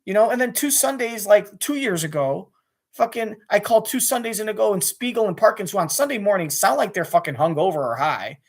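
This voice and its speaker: A man's voice: sits high, expressive. A man ranting angrily about being cut off as a sports radio caller, swearing and restarting his sentences. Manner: rapid, restless, with many restarts and swearing. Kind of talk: angry profane rant to camera.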